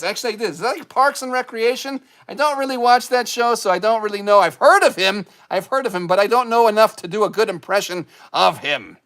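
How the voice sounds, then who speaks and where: A goofy skeleton puppet host, played by a man, speaks in a very high voice. He rambles and cracks self-mocking jokes while reading out viewers' comments on a live stream. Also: sharp tone, exaggerated voice.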